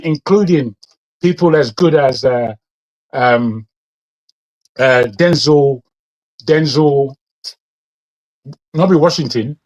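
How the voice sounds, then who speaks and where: A man's voice: a little high, lo-fi sound. A man hosting an opinionated news commentary show, talking in an indignant, rambling way with frequent restarts. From England. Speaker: host.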